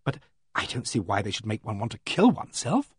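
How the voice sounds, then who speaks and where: A man's voice: on the low side, big pitch swings, brisk, breathy edge, dry recording, studio quality, full character voice. A man voicing a young society woman with a light, casual way of speaking. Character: young society woman, sleepy then shocked.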